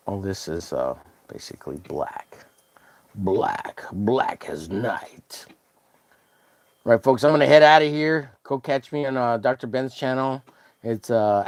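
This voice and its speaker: A man hosting a casual drawing livestream, joking crudely and greeting viewers by name as he works. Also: medium pitch. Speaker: livestream host.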